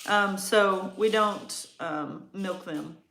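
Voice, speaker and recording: A woman's voice: mid-range voice, very slow, vocal fry, sharp tone. A woman co-hosting a casual farm livestream, chatting and reading viewer comments aloud. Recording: echoey room with faint noise.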